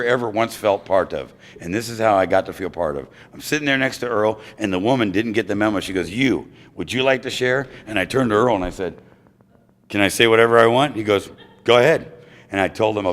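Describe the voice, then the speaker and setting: An American man sharing his recovery story at a meeting, animated and acting out other people's voices. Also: lowish voice.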